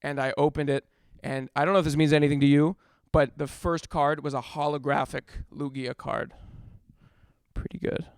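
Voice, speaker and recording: A man's voice: fairly high pitch, level tone, brisk, hardly any pauses, smooth, no echo, studio quality. A young adult man telling a rambling stand-up story on a comedy club stage, breaking off mid-sentence and laughing at his own jokes.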